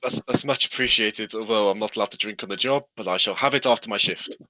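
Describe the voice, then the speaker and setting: A man's voice: lowish voice, fast talker, over a noisy crowd, lightly acted, low-quality recording. A man voicing a friendly, polite male bartender at a tavern. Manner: polite, welcoming.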